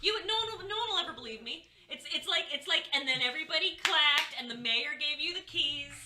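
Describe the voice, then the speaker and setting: A woman's voice: sits high, animated, fast, bright, forceful tone. A woman co-hosting a podcast in casual banter, playfully indignant and swearing freely. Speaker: podcast co-host.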